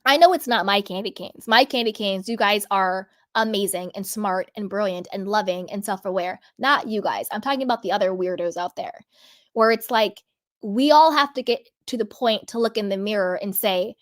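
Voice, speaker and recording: A woman vlog host with a mid-range voice, speaking at normal speed, offers reality TV commentary. She tells personal stories earnestly and candidly, stretching out the words she wants to stress.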